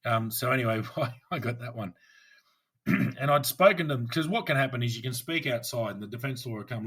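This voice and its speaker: Australian man, husky voice, casual podcast chat, animated storytelling, mid-pitched. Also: brisk. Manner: animated anecdotes, acts out courtroom voices, swears. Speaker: podcast co-host, police officer.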